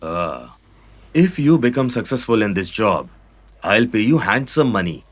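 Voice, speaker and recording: A man's voice: on the low side, sing-song, a little slow. A man voicing a brusque, short-tempered company boss in a dubbed film, giving orders. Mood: scheming. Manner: bossy, curt.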